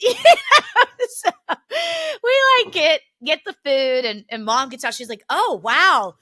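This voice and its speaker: Bright, lively woman telling a story. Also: sits high, unhurried. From Philadelphia area. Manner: animated storyteller, laughs often. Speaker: podcast co-host. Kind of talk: casual chat.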